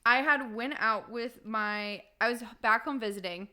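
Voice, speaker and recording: A woman's voice: on the high side, a little slow, pushed and bright, smooth. A young woman from Wisconsin, co-hosting a podcast and telling candid stories with frequent laughs. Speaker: podcast co-host. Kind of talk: casual chat.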